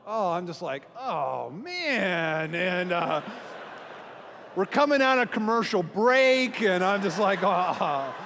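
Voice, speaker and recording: A man's voice: high-pitched, lively intonation, a little slow, fairly bright tone, a little hiss or hum. A man, a pastor, telling a self-mocking story to a church audience and acting out the voices he quotes. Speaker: pastor and small group speaker. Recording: long hall reverb from a live venue.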